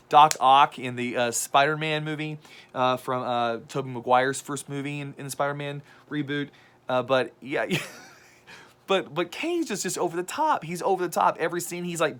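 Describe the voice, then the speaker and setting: A man's voice: a little high, fairly bright tone. A man in his late thirties, a pastor, casually ranking bad movies in a chatty, wry way, often repeating words as he thinks.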